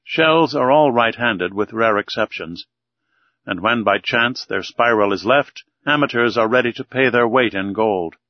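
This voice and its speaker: Guy reading an audiobook, mid pitch, steady, kinda dull dry audio. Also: a little slow, dry recording. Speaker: audiobook narrator. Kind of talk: scripted audiobook narration.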